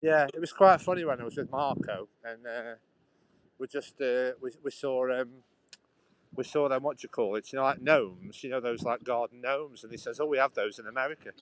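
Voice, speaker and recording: A man's voice: mid-range voice, a little fast. A man, rambling in casual chat as he walks outdoors and livestreams from his phone beside a road. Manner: rambling, chatty, restarts sentences often. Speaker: livestream host. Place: outdoors walking by a busy road. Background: traffic and sawing noise.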